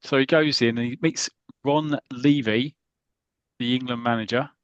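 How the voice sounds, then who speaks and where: A man hosting a podcast talks through an old comic story with real enthusiasm. He acts out the quotes as he goes and fills the gaps with ums. His voice is mid-pitched and sits in a dry, close sound. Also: fairly even intonation, moderate pace, clear, resonant tone, no room sound, dull audio. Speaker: podcast host. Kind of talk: casual retelling of a comic story.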